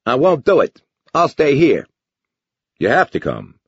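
A man voicing a reluctant young male lieutenant who pleads in a high, anxious voice, in a dull lo-fi recording. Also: huge pitch swings, unhurried, gravelly, slightly rough, no echo, exaggerated voice.

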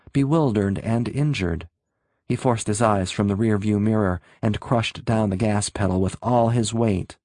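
A man narrating a story in a steady, measured reading voice. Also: fairly low pitch, no echo, studio quality. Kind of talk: audiobook narration.

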